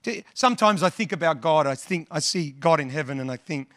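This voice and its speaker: Brief: male pastor delivering a sermon, earnest, repeats himself, bright and forward tone. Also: on the high side, expressive, a little fast, no echo, clean studio sound. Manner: earnest, repeats words, quotes scripture and hymns.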